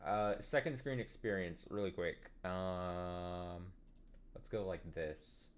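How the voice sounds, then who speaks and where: A man's voice: low voice, takes it slowly, clear, resonant tone. A man giving casual gameplay commentary while reading through a story game, rambling, swearing and poking fun at himself. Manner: swearing, self-deprecating, rambling. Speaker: let's player.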